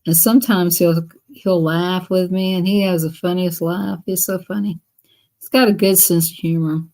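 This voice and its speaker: A woman's voice: on the low side, fairly even intonation, normal speed, mellow. A woman live streaming, telling rambling stories in casual chat and laughing often as she talks.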